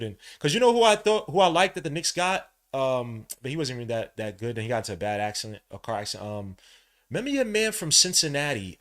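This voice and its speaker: A man calling a game live for his podcast audience, his voice sitting at an ordinary middle pitch. He talks in loose slang, as if to a friend, and keeps jumping from low, muttered play-by-play to sudden loud bursts of excitement. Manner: swings from quiet play-by-play to loud excited outbursts. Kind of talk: live watch-along play-by-play.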